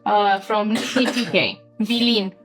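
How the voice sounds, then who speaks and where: A woman's voice: mid-range voice, slow, soft background music. A woman player chatting casually during character creation, talkative and playfully apologetic. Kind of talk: casual tabletop game prep chat.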